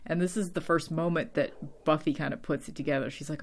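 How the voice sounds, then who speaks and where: A woman's voice: deep voice, steady tone, normal speed, a little mellow, slight background noise. A woman casually recapping a TV episode, rambling and filling her talk with "like" and "um," her voice tiring from long talking. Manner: rambling, heavy use of "like" and "um".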